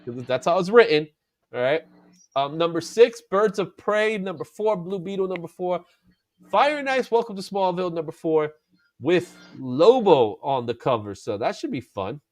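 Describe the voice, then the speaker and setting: A man hosting a casual comic book chat, animated and laughing often, drawing out his exclamations. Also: sits high, moderate pace, dry recording. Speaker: comic book show host.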